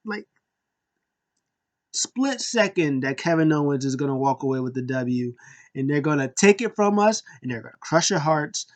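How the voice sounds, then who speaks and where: A man casually recapping a wrestling show, animated and acting out the wrestlers' lines in quick impressions. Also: a little high.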